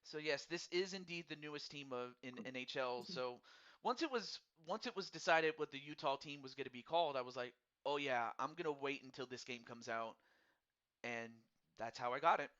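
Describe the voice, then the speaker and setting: A man's voice: medium pitch, moderate pace, a bit bright, lo-fi sound. A man hosting a casual live-streamed hockey draft, rambling and repeating words in a friendly, upbeat way.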